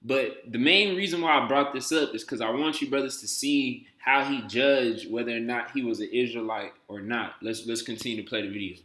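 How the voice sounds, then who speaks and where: Male reaction host, emphatic casual delivery, bright tone, roomy echo. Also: medium pitch, a little fast, hardly any pauses. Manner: conversational, emphatic, streetwise slang. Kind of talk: casual commentary.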